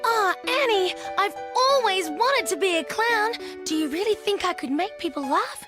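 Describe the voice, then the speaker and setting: A woman voicing an excited, playful young girl who loves clowning, in a children's storybook. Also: very high voice, normal speed, over music. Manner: excited, eager.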